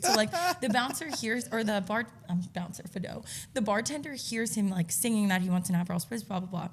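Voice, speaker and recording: A woman's voice: mid-range voice, quick pace, few pauses, a little hiss or hum. A woman co-hosting a podcast, telling her side of a bar story bluntly and with self-assurance. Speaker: podcast co-host. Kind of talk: casual chat.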